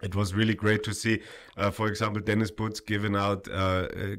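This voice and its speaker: A man's voice: fairly low pitch, moderate pace. Tired young man hosting a stream. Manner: relaxed, rambling with fillers. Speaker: stream host. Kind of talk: casual livestream chat.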